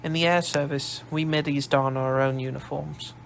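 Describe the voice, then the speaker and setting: A man's voice: a little high, steady tone, normal speed, gravelly, a bit bright, a little hiss or hum. A man doing a blunt Glasgow girl posing as a soldier. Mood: blunt, dutiful. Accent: Scottish, Glasgow. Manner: blunt, down-to-earth. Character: plucky young woman disguised as boy soldier.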